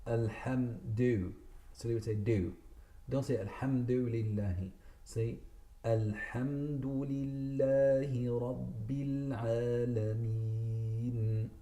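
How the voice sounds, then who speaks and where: A man's voice: mid-range voice, warm tone. A man teaching Quran recitation in a spoken lesson, patiently correcting common mistakes and drawing out the demonstrated words. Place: community centre room. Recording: echoey room.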